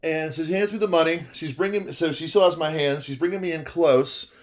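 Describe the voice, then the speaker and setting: A young man, telling a comedic story about his work as a restaurant server. He talks in an animated way, cuts himself off, and repeats phrases for laughs. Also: a little high, brisk. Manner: animated, self-interrupting, repeats phrases for comic effect.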